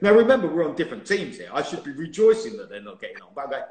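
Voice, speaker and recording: A man's voice: on the high side, racing. A man in his fifties, a former racing driver, chatting as a guest on a live stream and telling stories with laughter and teasing. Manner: lively storyteller who laughs and teases. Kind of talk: casual chat on a live stream. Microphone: phone or laptop mic on a video stream. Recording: roomy echoey room on a phone mic.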